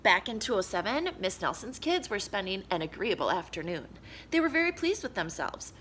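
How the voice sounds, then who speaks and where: A woman reading a children's story aloud for young listeners. Her voice is bright and clear with lively, animated pitch. Her delivery is expressive and warm to the story. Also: fairly quick, a little hiss or hum. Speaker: children's book reader.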